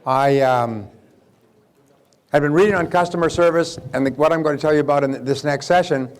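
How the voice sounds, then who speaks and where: A man giving a business seminar talk, telling stories in a lively way with frequent restarts. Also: medium pitch. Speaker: business speaker and sales coach.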